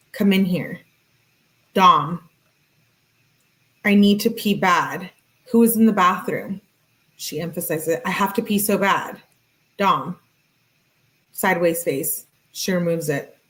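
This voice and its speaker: The speaker is a woman with a fairly low voice hosting her own channel. She reads text messages in a plain manner, interrupting herself with casual comments, and the recording is of low quality.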